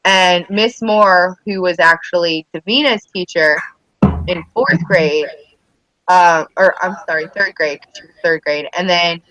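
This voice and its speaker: Her voice sits on the low side as this mother of schoolchildren chats casually on a podcast, acting out quotes in animated storytelling. The audio is dry and poor.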